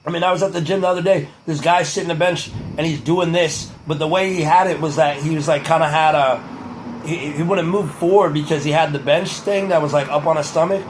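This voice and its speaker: A man's voice: fairly high pitch, steady tone, fairly quick, a little hiss or hum, low-quality recording. A young man vlogging in a loose, profane ramble who keeps repeating "truly" and slips into a mock-presidential cadence. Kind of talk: rambling casual monologue to camera.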